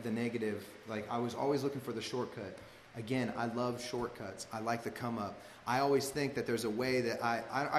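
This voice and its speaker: A man tells a personal story in a laid-back, slangy ramble, peppering it with "like" and "you know." His mid-range voice rings through a large hall with a long reverb tail and a faint room hum behind him. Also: mid-range voice.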